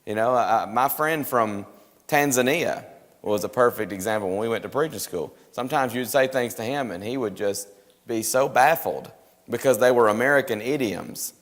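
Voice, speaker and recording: A man's voice: medium pitch, moderate pace. A man teaching a church Bible class, explaining in a conversational way with frequent restarts. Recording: live stream with hall reverb.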